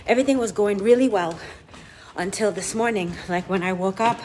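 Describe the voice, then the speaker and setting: A woman's voice: mid-range voice, brisk, a little mellow, a little hiss or hum. A woman in her fifties filming a live tour of a large house on her handheld phone, talking bluntly and profanely to her viewers. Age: 50s. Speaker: vlogger.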